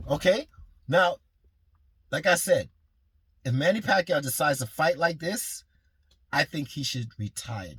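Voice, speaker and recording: A man talking fast and passionately about boxing on his own channel, rambling and swearing freely as a fan. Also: a little high, a bit bright, husky, no echo. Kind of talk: casual fan commentary vlog.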